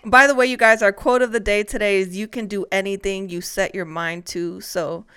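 A woman's voice: mid-range voice, fairly even intonation, normal speed, bright, forceful tone, smooth, no room sound, studio quality. A woman hosting a weekend party talk show, chatting casually and laughing often. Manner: laughs often, talks in loose run-on sentences. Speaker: host. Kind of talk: casual chat.

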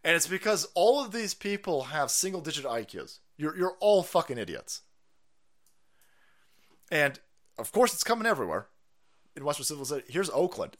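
A sarcastic, foul-mouthed man rants through a live stream, his pitch swinging widely and sitting a little high. He laughs at his own jokes and keeps the swearing coming. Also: big pitch swings, moderate pace, pauses often, a bit bright. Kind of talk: profane political rant.

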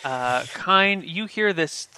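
Bright-voiced man running a tabletop game. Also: sits high, lively intonation, a little hiss or hum. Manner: descriptive, unhurried scene-setting. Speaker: game master.

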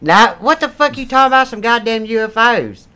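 Casual: guy playing a cussing hick preacher, loud and rambly, twangy and bright. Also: extremely high pitch, lively intonation, fairly quick, clean tone, heavily acted. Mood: preachy ranting. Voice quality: brash, profane, rambling. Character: crude loud Southern redneck churchgoing man. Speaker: comedic character. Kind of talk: improvised comedy role-play.

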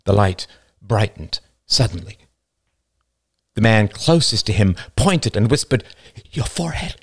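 A man narrating a novel as an audiobook, slow, deliberate and dramatic. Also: fairly low pitch, animated, no room sound, clean studio sound.

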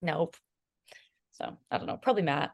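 A young woman with a slightly low voice chats as a podcast guest. She tells stories with energy and slips into playful impressions of the people she quotes. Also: a little fast. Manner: animated storytelling, imitates others, laughs. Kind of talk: casual chat.

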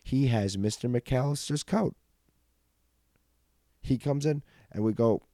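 A man's voice: medium pitch, takes it slowly, pauses often, dark tone, dry recording, clean studio sound. A young man hosting a comedy podcast, telling rambling, profane stories and laughing often. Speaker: podcast host. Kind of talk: casual comedic storytelling.

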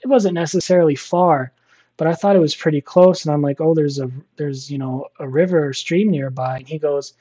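A man's voice: fairly high pitch, steady tone, fairly quick, mellow, lo-fi sound. A man casually telling a personal story, rambling with many fillers and restarts. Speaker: storyteller guest.

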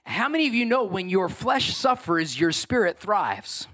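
A man preaching a sermon as pastor, emphatic and animated. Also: sits high, moderate pace.

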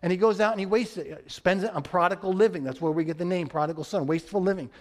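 A man delivers a sermon from the pulpit, his voice sitting fairly high for a man. He preaches earnestly and emphatically, leaning on key phrases. He sometimes drops soft and low to stress a point. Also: fast talker. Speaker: pastor.

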